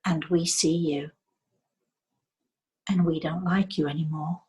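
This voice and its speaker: A woman voicing a solemn little spirit boy, speaking slowly and repetitively in a soft, hushed way. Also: sits low, steady tone, slightly rough, highs cut off, full character voice.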